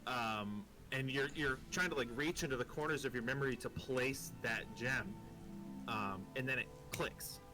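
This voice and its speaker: A man narrating as game master of a tabletop game, relaxed and hesitant, with many pauses and ums. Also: medium pitch, music in the background, low-quality recording.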